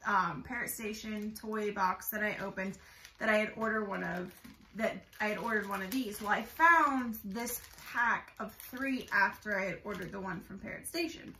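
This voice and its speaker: A young woman chatting excitedly in a home vlog, showing bird toys and cooing at her pet bird. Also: far from the mic, slight background noise. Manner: chatty and excitable, many fillers, high coos to her bird. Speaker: bird vlogger. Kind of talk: casual show-and-tell vlog. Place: room at home. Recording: roomy echo, voice a bit off-mic.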